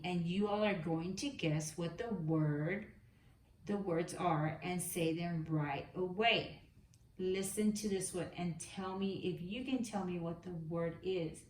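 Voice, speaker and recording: A woman leads a preschool lesson at a very slow, patient pace, stretching out each letter sound for small children. Her voice sits a little low and reaches the mic from a distance. The room around her is echoey. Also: slight background noise. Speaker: preschool teacher.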